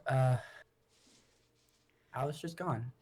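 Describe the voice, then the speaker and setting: A man's voice: mid-range voice, takes it slowly. A man voicing a grieving noblewoman adventurer who rambles and restarts her sentences. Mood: sorrowful. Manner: rambling and hesitant, with many restarts.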